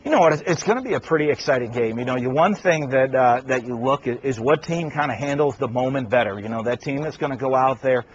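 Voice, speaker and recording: A man who coaches college football giving an earnest radio interview, halting, with many fillers. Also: mid-range voice, muffled recording, slight background noise.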